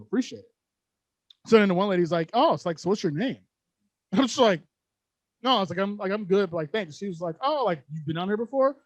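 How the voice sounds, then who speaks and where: Young male podcast co-host, quick and high-pitched, animated slangy storyteller, dry close sound. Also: no room sound, lo-fi sound. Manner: animated, slangy, laughs often. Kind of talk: casual storytelling chat.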